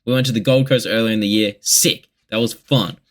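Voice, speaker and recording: A man's voice: on the low side, fairly even intonation, a little fast. A young man in a casual confessional vlog monologue, rambling and candid with heavy swearing. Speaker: vlogger.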